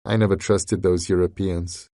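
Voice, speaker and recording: A man's voice: deep voice, little pitch movement, moderate pace, dark tone, dry recording, studio quality. A man voicing a paranoid, foul-mouthed male boss who swears and demands in a storybook reading. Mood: angry.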